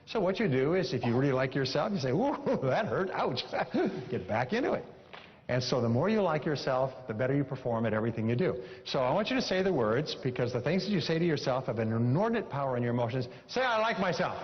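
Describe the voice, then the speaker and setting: A man's voice: medium pitch, sing-song, quick pace. Emphatic man speaking in a reverberant hall. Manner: emphatic, repeats key phrases, coaches the audience. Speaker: seminar speaker. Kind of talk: motivational seminar talk. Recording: dull lo-fi sound with long hall reverb.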